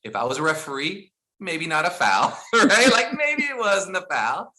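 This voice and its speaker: A middle-aged man telling animated stories as a podcast guest, acting out dialogue and laughing as he goes. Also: high-pitched, moderate pace. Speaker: guest, founder of a school mindfulness program. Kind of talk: storytelling in a podcast interview.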